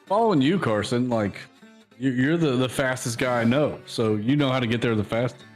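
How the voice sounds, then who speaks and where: A man's voice: medium pitch, lively intonation, a little fast, faint music behind. A man playing a tabletop game, talking in a laid-back, chummy way. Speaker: player. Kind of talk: casual in-character game talk.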